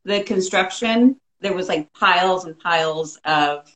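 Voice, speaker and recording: A woman's voice: on the low side, measured pace, a bit bright. A woman from Texas's Rio Grande Valley, a guest chatting casually and laughing. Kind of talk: casual podcast chat. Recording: roomy echo.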